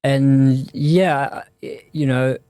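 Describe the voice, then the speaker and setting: A man talks through an interview at an even, steady pitch that barely rises or falls. He stops and restarts his thoughts as he weighs each word. The sound is dry and close, with no room echo. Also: clean tone. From Australia. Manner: thoughtful, halting, many restarts and fillers. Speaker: guest. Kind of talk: reflective conversational interview.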